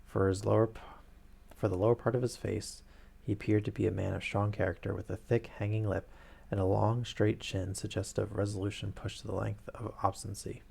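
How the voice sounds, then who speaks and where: A man's voice: fairly low pitch, level tone, fairly quick, creaky, darkish tone, slightly rough. A man streaming himself reading a classic novel aloud, casually, who stumbles over words and corrects himself. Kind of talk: casual read-aloud narration.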